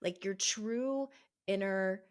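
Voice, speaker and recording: A woman's voice: mid-range voice, slow. A woman guest on a podcast who talks in a thoughtful, reflective way, often restarting and hedging as she works through ideas. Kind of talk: reflective conversation.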